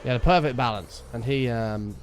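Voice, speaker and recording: A man's voice: mid-range voice, fairly quick, soft background music. A man chatting casually while streaming gameplay, rambling into sweary stories from his school days.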